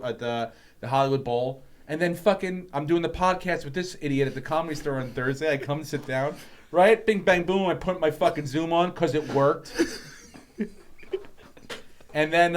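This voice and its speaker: A man, telling stories as a comedian guest on a casual podcast, swearing and acting out quotes. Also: on the high side. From Long Island, New York. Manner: animated, swearing, acts out quotes with laughter.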